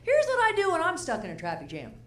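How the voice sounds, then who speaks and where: A woman's voice: very high voice, huge pitch swings, quick pace, a bit bright. An older woman performing a stand-up routine on stage, chatty and asking the crowd questions, now and then acting out the people she talks about. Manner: chatty, asks the crowd questions, acts out characters. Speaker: stand-up comedian. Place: comedy stage before a live audience. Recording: roomy live venue.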